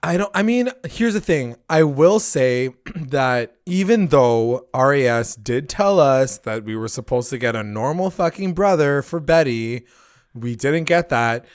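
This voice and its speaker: A man's voice: medium pitch, expressive, unhurried, no room sound, studio quality. A young man co-hosting a podcast, recapping a TV episode in casual chat, swearing often and acting out the characters' lines. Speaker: podcast co-host.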